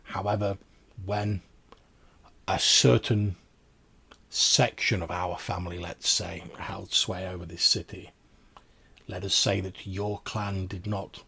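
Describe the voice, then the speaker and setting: A man voicing a genteel old vampire crone woman who speaks formally and courteously, often halting and repeating words. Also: sits low, gravelly, sharp tone, husky, heavily acted.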